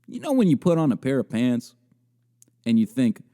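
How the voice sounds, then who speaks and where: A man's voice: mid-range voice, sing-song, normal speed, mellow. A young man hosting a podcast, telling a crude story and riffing on a video in a rambling, self-mocking way with frequent laughter. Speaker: podcast host. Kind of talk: casual comedic storytelling and video commentary.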